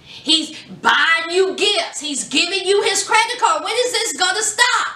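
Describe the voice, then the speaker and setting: A woman's voice: very high voice, a little slow. A woman recapping a reality show in casual, sassy chat, acting out the quotes. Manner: animated, sassy, acts out quotes. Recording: echoey room, distant from mic.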